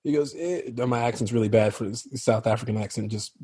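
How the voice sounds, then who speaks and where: Husky-voiced American man telling stories. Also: lowish voice, a little fast, dry recording. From Chicago, United States. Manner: animated storyteller, laughs often. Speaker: actor guest. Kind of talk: casual interview chat.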